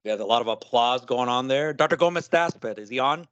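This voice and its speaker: A man's voice: mid-range voice, fast, a bit bright, smooth, no room sound. A man moderating grand rounds, thanking the speaker and inviting questions in an upbeat, encouraging way. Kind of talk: moderating a talk. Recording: dry, muffled lo-fi audio.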